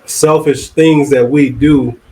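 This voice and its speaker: A man speaking as a guest, talking softly and haltingly, with many fillers, as he reflects on his marriage. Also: medium pitch, steady tone, rough recording. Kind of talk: reflective confessional talk.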